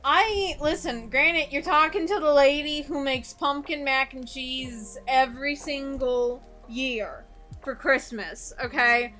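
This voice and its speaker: A woman's voice: high-pitched, takes it slowly, bright, forceful tone, faint music behind. A woman from Georgia in the US, streaming while doing nail art and chatting casually, rambling and giggling, with the odd swear.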